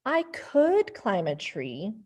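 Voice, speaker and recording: A woman's voice: medium pitch, wildly swooping pitch, takes it slowly, a little mellow, slightly rough, pitched below the performer's own voice, exaggerated voice. A woman reading aloud as a small mouse who insists he is a tiger, proud and stubborn. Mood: insistent. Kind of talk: storybook reading.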